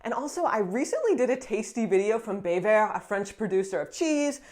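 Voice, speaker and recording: A woman's voice: mid-range voice, very animated, fairly quick, a little mellow. Chatty upbeat woman vlogging. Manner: chatty and upbeat, with frequent fillers and laughs. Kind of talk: casual vlog talk to camera.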